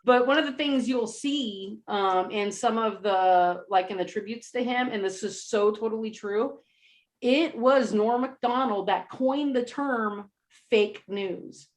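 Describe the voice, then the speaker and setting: A woman co-hosting a podcast in casual chat, talking in rambling, animated stretches and laughing often at her own jokes. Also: fairly high pitch, unhurried. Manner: rambling with many fillers. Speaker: podcast co-host.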